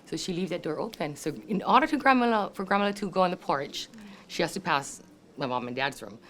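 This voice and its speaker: A woman's voice: on the low side, animated, brisk, a bit bright, a little hiss or hum. A woman in her sixties with a Hawaii local English accent, telling family stories at a reunion in a chatty way, laughing often and acting out her relatives' voices. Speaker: family member sharing memories. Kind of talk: casual storytelling.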